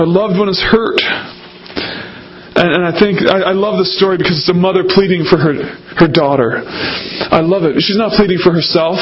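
A pastor gives an earnest sermon, circling back over his points and speaking straight to his listeners. His voice sits very high for a man. The recording is dull and lo-fi. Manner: earnest, repetitive preaching with direct address to the congregation.

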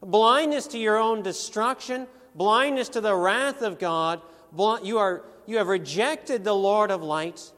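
A man's voice: high-pitched, a little slow, few pauses, fairly bright tone. A man preaching a sermon in an earnest, emphatic way, with rhetorical questions. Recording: long hall reverb.

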